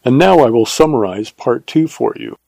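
A man narrating a western novel as an audiobook, in a measured, steady way. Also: mid-range voice, vocal fry, no echo, rough recording.

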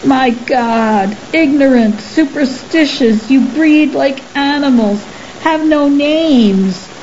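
A woman voices a huge, furry storybook beast who fires scornful questions at a captive, slow and mellow in delivery. Its sorrow and temper sit just under the words. The recording is slightly dull, with a faint hiss behind it. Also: high voice, pitched above the performer's own voice. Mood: anguished. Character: huge furry male beast, gruff, grieving and short-tempered.

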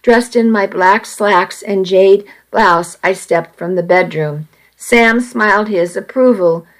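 A woman narrating a first-person romance story. She takes her time, reading slowly and evenly. Her tone stays earnest and measured from line to line. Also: medium pitch, poor audio.

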